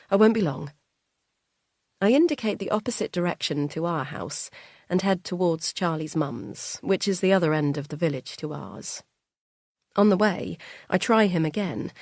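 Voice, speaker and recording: Woman, audiobook narrator, lowish voice, quiet measured telling, dry close sound. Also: no echo. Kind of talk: first-person thriller narration.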